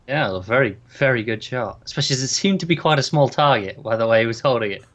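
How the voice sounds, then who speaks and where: A man trades dry, teasing remarks as co-host of a chat show. His pitch sits in the middle, and his delivery stays relaxed and casual. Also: fast talker, lo-fi sound. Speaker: podcast co-host.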